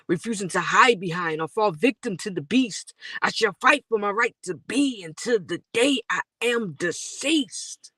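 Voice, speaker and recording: A woman's voice: mid-range voice, bright, forceful tone, no echo. A woman performing spoken-word poetry as a guest poet, with rhythmic verses and a soaring sung refrain. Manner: rhythmic delivery, soaring sung hook, quick rapped verses.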